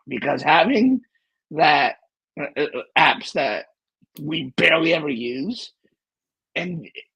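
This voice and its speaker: Lively, husky-voiced man chatting about tech. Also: mid-range voice, poor audio. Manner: animated, laughs often, trails off and restarts. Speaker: livestream host. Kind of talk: casual tech chat.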